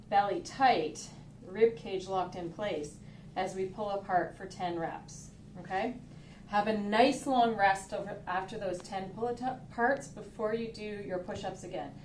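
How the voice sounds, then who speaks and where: Woman, fitness instructor, clear coaching cues, faint hum behind. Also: mid-range voice, distant mic. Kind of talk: home workout instruction. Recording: roomy echo, off-mic, faint hum.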